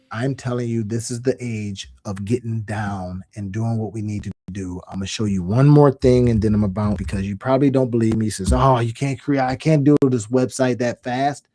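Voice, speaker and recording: A man giving a live screen-share tutorial on online business, talking in an animated, folksy way and calling viewers y'all. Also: fairly low pitch.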